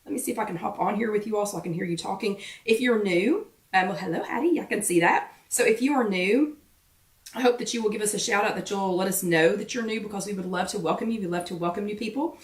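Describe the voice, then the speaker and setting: A woman hosts a chatty live stream while her voice is going hoarse. She sits back from the mic, so her voice sounds distant. It also has a roomy echo. She greets viewers one by one in a casual, familiar way. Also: mid-range voice, quick pace. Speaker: host of a live weight-loss workshop chat.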